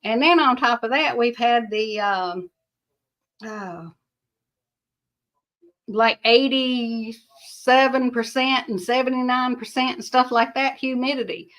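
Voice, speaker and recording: Older woman, livestream host, rambling folksy chat, slightly high voice. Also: slow, long pauses, fairly bright tone. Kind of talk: casual livestream chat, reading viewer comments.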